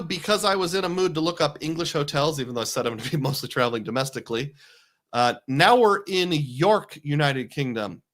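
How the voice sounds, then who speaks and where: A man hosts a relaxed live stream and talks in a loose, rambling way. His voice is bright and forward, at a middle pitch for a man. He reads comments out loud and chats back with easy humor. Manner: rambling, reads viewer comments aloud and jokes along. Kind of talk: casual live stream chat.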